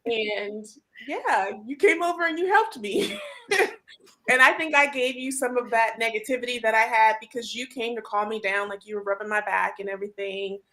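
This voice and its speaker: Woman chatting, lively storyteller, lots of "like", voice a bit high. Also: moderate pace. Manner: animated storytelling with frequent "like" and laughter. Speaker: host. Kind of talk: casual group chat.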